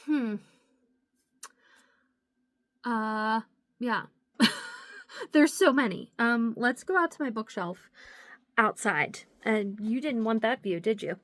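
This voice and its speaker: A young woman with a slightly high voice chats casually about her books as she carries the camera from room to room. She is bubbly and giggly, with lots of "like" in her talk. The sound is dry, with little room echo. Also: takes it slowly, long pauses, a bit bright. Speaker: book vlogger. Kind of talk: casual chat while walking around the house. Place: at home, moving between rooms.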